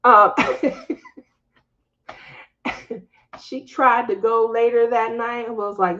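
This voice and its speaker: A woman's voice: unhurried, long pauses, a bit bright, dull audio. A middle-aged woman hosting a casual craft live stream, talking with her viewers, laughing often and acting out family members' lines in livelier voices. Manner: chatty, laughs often, acts out family quotes in higher voices. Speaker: craft channel host.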